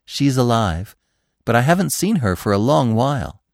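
A man's voice: mid-range voice, sing-song, normal speed, vocal fry, no room sound, studio quality. A man voicing a tender, amazed young female deer in a storybook reading.

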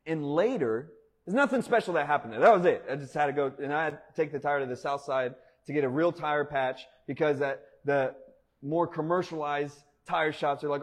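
A pastor with a fairly high-pitched voice preaches a little fast, in a conversational, animated way. He tells a personal story, laughing often and using lots of "like" as filler.

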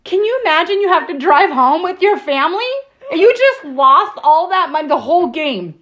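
A middle-aged woman co-hosting a casual podcast, telling stories in an animated way and laughing often. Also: very high-pitched, moderate pace, muffled recording. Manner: animated storyteller, laughs a lot. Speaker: podcast co-host.

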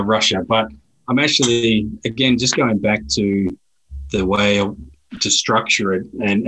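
An Australian man talking as a guest, telling travel stories in a relaxed way with frequent restarts. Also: lowish voice, poor audio. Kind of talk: casual conversation.

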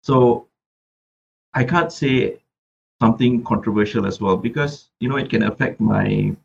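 A man's voice: mid-range voice, measured pace, creaky, highs cut off, a little hiss or hum. A Malaysian man who raps, talking reflectively as a podcast guest and often repeating words while he thinks. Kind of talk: casual interview chat.

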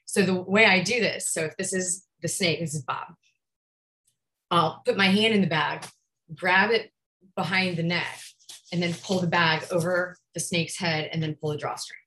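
A woman telling a snake-hunting story on a podcast in a casual, animated way, laughing and acting out what people said. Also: fairly low pitch, normal speed, low-quality recording. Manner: lively, animated, laughs often, acts out quotes. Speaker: python hunter guest on a podcast.

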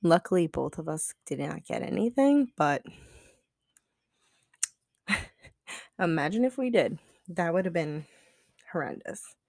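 Low, gravelly woman telling a story. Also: very animated, slow pace, long pauses, a little mellow, no room sound, clean studio sound. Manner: chatty, profane, heavy use of "like"; acts out quoted dialogue. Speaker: podcast co-host. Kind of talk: casual storytelling.

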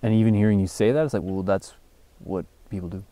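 A man's voice: lowish voice, quick pace, no room sound. A man hosting a casual interview, reacting in an easygoing, affirming way. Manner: relaxed, affirming listener. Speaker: host.

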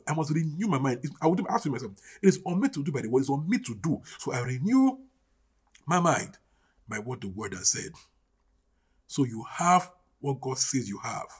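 A man preaching a sermon as pastor, emphatic and repetitive, with a husky voice. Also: a little high. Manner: emphatic, repetitive preaching with call-and-response questions.

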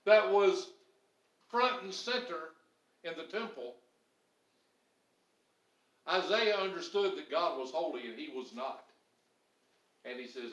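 A pastor preaches to his congregation in a high-sitting, fairly bright voice, speaking slowly and pausing often. His Southern phrasing builds into rising, emphatic bursts. The church sanctuary gives a clear echo.

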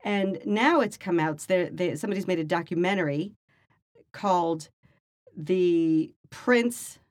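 A middle-aged woman with a lowish voice co-hosts a chatty podcast. She reads news stories aloud and drops wry, deadpan asides between them. The recording is close and dry, with no room sound. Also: measured pace, no room sound. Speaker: podcast co-host. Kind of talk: casual chat, reading news aloud.

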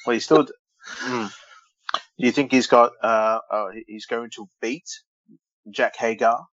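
A man's voice: mid-range voice, fairly even intonation, a little slow, fairly bright tone, dull audio, slight background noise. A man co-hosting a wrestling podcast in casual chat, joking and teasing, often stumbling over names. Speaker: podcast co-host.

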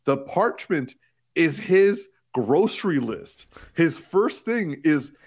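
Excitable podcast co-host, rambling. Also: male voice, fairly high pitch, slow pace. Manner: excitable, laughs often, rambling restarts. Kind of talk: casual chat.

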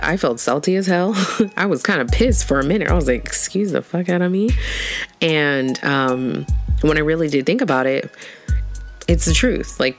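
A woman's voice: low voice, creaky. Woman, candid personal vlog, frank and casual with easy laughs and swearing; faint background music. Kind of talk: candid personal talk to camera.

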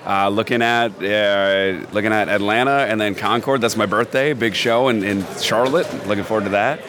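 A man in his thirties who works as a wrestling broadcaster chats in a cheerful, earnest way and laughs often. His voice sits slightly low. He is talking casually with the host. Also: moderate pace, a crowd in the background. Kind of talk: casual chat.

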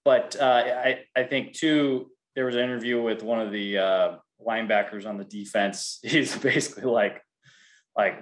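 A man's voice: mid-range voice, measured pace. A man co-hosting a casual sports podcast, teasing and joking in a loose, playful way. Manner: joking, teasing, laughs at his own lines. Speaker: co-host.

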